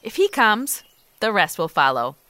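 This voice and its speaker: A woman's voice: mid-range voice, measured pace, clean tone, no echo. A middle-aged woman co-hosting a podcast, chatting casually while walking outdoors on a farm and calling to her goats. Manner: lively, calls loudly to her goats. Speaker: podcast co-host. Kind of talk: casual chat on a farm walk.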